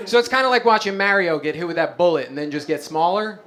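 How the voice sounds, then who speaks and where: A man from Staten Island doing a stand-up comedy set in a club, wry with deadpan asides. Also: high-pitched, fast. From Staten Island, New York.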